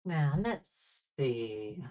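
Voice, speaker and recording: Low-voiced woman chatting on stream. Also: very animated, drawn-out words, dark tone. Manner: chatty, giggly, thinking aloud. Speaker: livestream karaoke host. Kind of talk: casual chat between songs.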